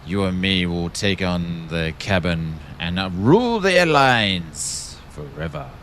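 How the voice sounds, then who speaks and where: Give me an Australian man putting on a growly, mock-sinister space villain, low and a bit distant. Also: lively intonation, slow pace, vocal fry, fairly bright tone, a little hiss or hum, exaggerated voice. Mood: mock-menacing. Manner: hammy mock-menacing delivery. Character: Darth Vader impression, deep menacing male villain.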